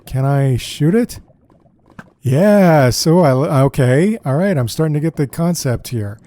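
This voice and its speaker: Gameplay commentator: man, mellow tone, chatty, thinks out loud, casual delivery. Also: a little high, lively intonation, unhurried, dry recording. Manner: chatty, thinks aloud, often says "dude". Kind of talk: casual let's-play commentary.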